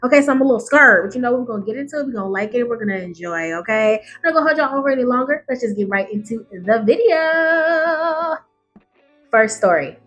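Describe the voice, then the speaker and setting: A woman who reads online stories aloud as a YouTuber. She reacts with sass and loud outbursts, and calls her listeners baby and honey. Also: on the high side, expressive, brisk, soft background music. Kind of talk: animated reaction reading.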